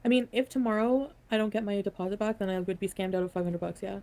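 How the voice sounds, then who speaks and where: A woman talking fast on a live stream as she rambles through a story. She keeps restarting her sentences and filling them with "like" and "you know what I mean". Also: mid-range voice, darkish tone. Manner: rambling, hesitant, full of "like". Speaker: streamer in the reacted clip.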